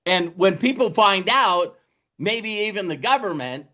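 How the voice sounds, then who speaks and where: Animated male business coach with a fairly high voice, rambling storyteller who restarts his sentences. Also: unhurried. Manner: animated storytelling, acting out quotes; repeats words and restarts often. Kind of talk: motivational talk.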